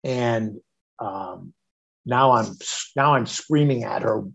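A middle-aged man, a podcast guest, telling a personal story in an animated way, swearing freely and getting loud when reliving moments of panic. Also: mid-range voice, unhurried, gravelly, slightly rough.

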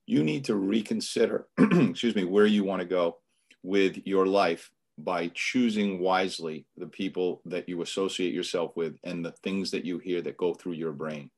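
A man's voice: deep voice, moderate pace, vocal fry. A middle-aged man with a Boston accent, a business coach guest on a podcast, talking earnestly and motivationally and often restarting his phrases. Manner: earnest, motivational, repeats words when starting a thought. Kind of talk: podcast interview.

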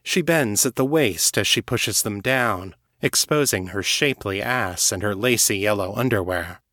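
A man narrating a first-person audiobook story in a measured, even reading. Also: lowish voice, no echo, clean studio sound.

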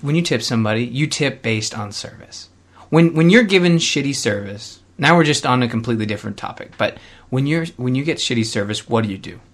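A young man of middling pitch talks casually on a podcast. He is blunt and opinionated and keeps jumping into quick asides. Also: animated. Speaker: podcast co-host. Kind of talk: casual chat.

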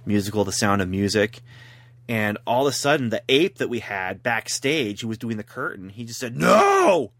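A man's voice: on the low side, fairly quick, a bit bright, no echo. Man chatting casually, dry close sound. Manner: rambling storyteller who laughs at his own jokes. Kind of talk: casual chat.

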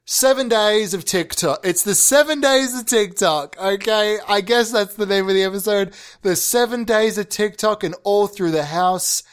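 A man's voice: sits high, normal speed, hardly any pauses, smooth. A man hosting a podcast, rambling through a comic monologue, often swearing and jumping into silly put-on bits. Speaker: podcast host.

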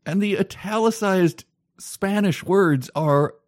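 A man's voice: high-pitched, slow, no room sound, clean studio sound. A man co-hosting a podcast in casual chat, wry and joking and laughing often. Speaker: podcast co-host. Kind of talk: casual chat reviewing a book.

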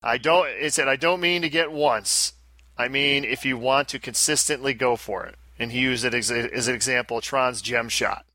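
A man's voice: medium pitch, normal speed, bright, forceful tone, dry recording. A man co-hosting a casual pinball podcast, joking and self-deprecating in loose banter. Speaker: podcast co-host.

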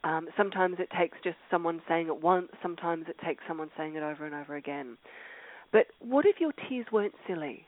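A woman coach leading a call, talking in a heartfelt, reflective way with many restarts and an occasional cleared throat. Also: on the low side, fairly quick, phone-quality sound. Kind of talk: earnest motivational talk.

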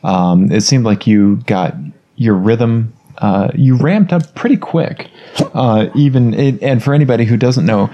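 A man's voice: mid-range voice, a little slow, muffled recording. A man co-hosting a casual podcast from a bedroom, encouraging and coaching in tone. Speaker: podcast co-host. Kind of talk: casual chat.

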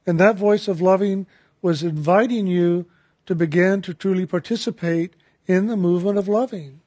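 Male spiritual teacher, high voice, reflective and repetitive delivery, dry close sound. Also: moderate pace, dry recording. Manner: calm, repetitive, reflective phrasing. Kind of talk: spiritual talk retelling a conversation.

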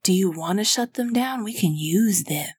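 A woman playing a tabletop role-playing game, thinking aloud with laughs and halting restarts. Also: mid-range voice, animated, breathy edge. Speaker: player. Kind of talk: casual tabletop role-play chat.

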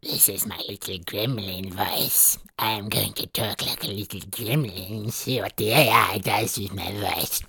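A podcast host voicing a dirty little gremlin in a husky, rambling way. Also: sits low, fairly even intonation, a little slow, hardly any pauses, pushed and bright, no echo, full character voice. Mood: gleeful. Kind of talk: playful improvised monologue.

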